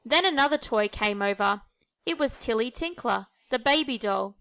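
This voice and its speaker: A woman reading a children's picture book aloud in a gentle, expressive way. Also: a little high, normal speed. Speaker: storyteller.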